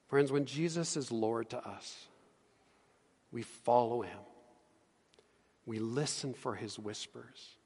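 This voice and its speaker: A middle-aged man, a pastor, preaching a sermon with earnest emphasis that drops to hushed tones. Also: mid-range voice, slow, pauses often, breathy edge, in a large hall. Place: church sanctuary.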